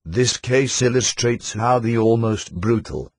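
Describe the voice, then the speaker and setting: A man reading a book aloud in a measured, formal way. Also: mid-range voice, darkish tone, dry recording.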